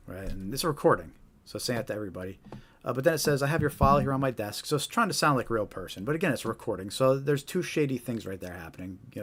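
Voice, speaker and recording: A man hosting a live stream, talking casually and often asking "right?". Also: on the low side. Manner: casual, repetitive, tag questions. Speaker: host.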